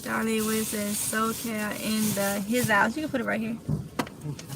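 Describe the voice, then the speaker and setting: A woman's voice: on the high side, flat delivery, normal speed, gravelly, noisy background. A woman with a Mississippi Southern accent hosting a casual live Q&A, chatty and affectionate, calling her viewers honey. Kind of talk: casual live-stream chat reading comments.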